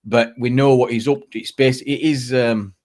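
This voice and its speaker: Man hosting a panel, rambles and restarts a lot, mid-pitched everyday voice. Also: steady tone, moderate pace, a little mellow. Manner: rambling, restarts often, dialect "were". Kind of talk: casual panel chat.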